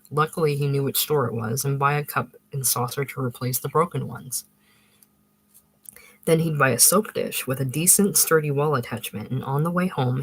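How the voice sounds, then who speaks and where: A narrator reading a literary short story aloud in a measured way, with occasional small restarts. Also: mid-range voice, rough recording.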